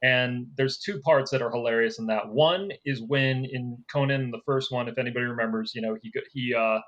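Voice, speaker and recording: A man's voice: mid-range voice, fairly quick, fairly bright tone. Rambling man on a dull lo-fi podcast mic. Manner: rambling, swears, puts on voices in anecdotes. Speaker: podcast panelist. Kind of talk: casual movie podcast chat. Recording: dull lo-fi audio.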